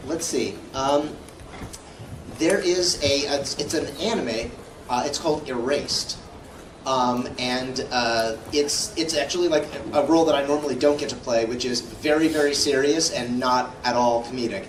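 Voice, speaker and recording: A man who is a voice actor, answering audience questions at a convention panel in a rambling, animated way. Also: mid-range voice, unhurried. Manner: rambling and animated, with lots of filler words. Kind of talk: casual Q&A storytelling. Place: large convention hall. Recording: echoey hall from far off with hum.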